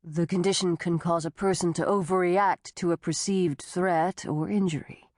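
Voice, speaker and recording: A woman voicing a male doctor who speaks calmly, clinically and patronizingly. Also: lowish voice, normal speed, no echo, clean studio sound, close to an everyday voice. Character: calm, condescending male doctor on the phone.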